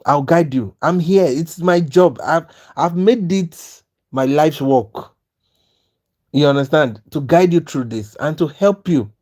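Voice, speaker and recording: A man hosting a live trading stream, talking through his trades and mentoring viewers with lively, repetitive asides like "you understand?". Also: a little high, unhurried. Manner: animated, repeats "you understand?" often, stammers on restarts.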